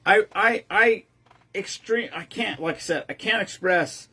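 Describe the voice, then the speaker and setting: A man's voice: sits high, unhurried, pushed and bright, breathy edge. A man hosting his own show, telling a long-winded, rambling story casually with lots of restarts. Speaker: host of a veteran care-package group.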